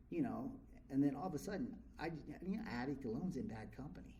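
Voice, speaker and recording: A man's voice: mid-range voice, lively intonation, quick pace, few pauses, dark tone, slight background noise, low-quality recording. A middle-aged man from California speaking at a recovery meeting, telling his story to a live crowd in a blunt, frank and profane way. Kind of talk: candid storytelling to a live audience. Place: convention meeting room.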